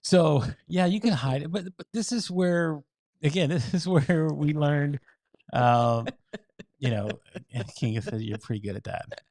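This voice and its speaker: A man co-hosting a casual chat, talking in a relaxed, rambling, playful way. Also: on the high side, measured pace, no echo, studio quality. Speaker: podcast co-host.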